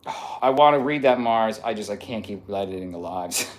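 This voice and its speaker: Playful man streamer with a lively pitch. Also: brisk. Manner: playful, laughs often, reads comments aloud. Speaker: streamer reading chat. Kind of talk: casual live-stream chat.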